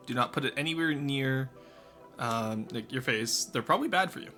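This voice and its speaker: A man's voice: mid-range voice, lively intonation, moderate pace, sharp tone, faint music behind. A man streaming live, chatting casually with his chat while building in a game, rambling and swearing freely.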